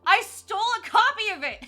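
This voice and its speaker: A woman's voice: very high voice, sharp tone. A young woman chatting to her viewers on a live stream, bubbly and gushing, laughing often.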